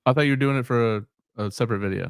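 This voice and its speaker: Fast-talking guy cohosting a sports pod, dry close sound, relaxed. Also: mid-range voice, clean tone, no echo. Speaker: podcast co-host. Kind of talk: casual chat.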